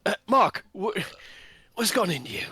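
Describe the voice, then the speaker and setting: A man's voice: high voice, sing-song, moderate pace, sharp tone, pitched above the performer's own voice, full character voice. A man voicing a grizzled male tavern fighter with missing teeth, gritty and taunting, in a tabletop game. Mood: exasperated.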